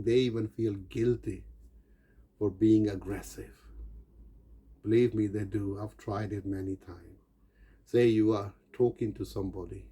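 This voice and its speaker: A man's voice: on the low side, mellow, husky. A man giving an earnest motivational talk, coaching his listeners and calling them guys. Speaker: self-help speaker.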